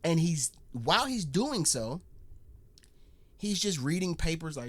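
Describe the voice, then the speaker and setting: A man from the United States hosting a reaction video. He talks in an excitable, repetitive way and keeps calling out to his viewers. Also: a little high, unhurried, long pauses, no echo. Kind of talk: casual reaction commentary.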